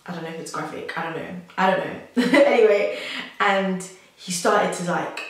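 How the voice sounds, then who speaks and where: A woman's voice: mid-range voice, moderate pace. A young woman tells a personal story to camera in a chatty, rambling way, full of "like" and nervous laughs. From South London. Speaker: vlogger. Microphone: camera mic. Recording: very echoey room.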